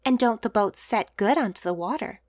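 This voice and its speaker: A woman's voice: on the high side, lively intonation, normal speed, darkish tone, dry recording, natural voice. A nosy, folksy older countrywoman gossips in homely speech, as a woman reader puts her on. The voice sits close and dry.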